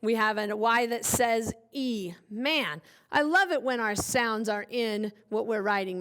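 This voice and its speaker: A woman's voice: on the high side, takes it slowly, fairly bright tone, clean tone. A woman teaching young children a phonics lesson, cheerfully spelling out letters one by one. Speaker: kindergarten teacher.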